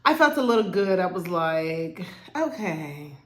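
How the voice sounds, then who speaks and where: A woman at home giving a casual, animated recap of a TV show, acting out the characters' lines as she goes. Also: lowish voice, measured pace. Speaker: TV show reviewer. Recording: roomy echo.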